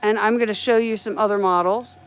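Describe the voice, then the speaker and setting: Despite poor audio, this middle-aged American woman's mid-range voice comes through clear and resonant, steady in tone and fairly quick. She has a light Southern accent and chats casually on a live stream about her printer, thinking aloud.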